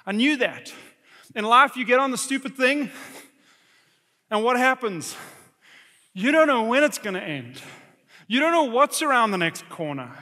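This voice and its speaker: A middle-aged man gives an animated, storytelling sermon and mocks himself as he acts out his own reactions. His voice sits high and sounds bright and forceful. A long church-hall reverb trails behind each phrase. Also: measured pace, long pauses. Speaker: pastor.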